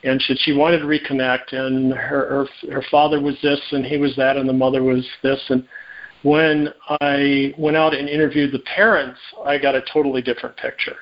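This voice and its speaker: A man, a private investigator, telling a case story in an interview, lively and full of restarts, acting out dialogue. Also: mid-range voice, moderate pace. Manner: animated, acts out quoted dialogue, many restarts. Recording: dull lo-fi audio.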